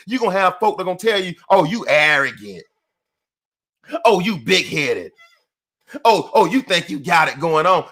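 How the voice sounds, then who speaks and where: High-voiced, bright motivational preacher man. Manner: emphatic, repetitive, preacher-like cadence. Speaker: motivational speaker.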